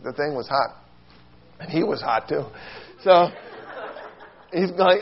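Animated storytelling preacher, slightly high voice. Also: male voice, unhurried, long pauses, husky, muffled recording. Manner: animated, self-mocking, acts out quotes with squeals and shouts. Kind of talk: sermon storytelling.

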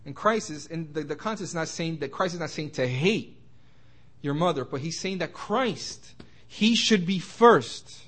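Young male Bible teacher, slightly high voice, halting delivery with many restarts, slows for scripture. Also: animated, a bit bright. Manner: slows and rises to stress quoted scripture. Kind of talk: informal Bible study sermon.

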